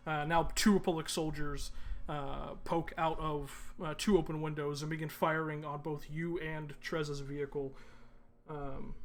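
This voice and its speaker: A man narrating as game master of a tabletop game, pausing often with ums and uhs. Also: fairly high pitch, a bit bright. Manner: halting, many ums and uhs.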